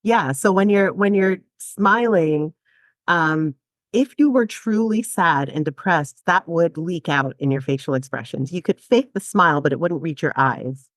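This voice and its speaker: A woman's voice: fairly low pitch, measured pace, dry recording. A woman psychotherapist guest on a podcast, talking animatedly, laughing often and acting out quoted voices. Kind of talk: podcast interview.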